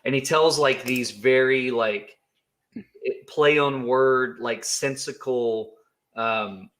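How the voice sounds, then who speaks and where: A man's voice: mid-range voice, takes it slowly, fairly bright tone. A man co-hosting a livestream, talking casually and rambling, with frequent laughter and filler words. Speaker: livestream co-host.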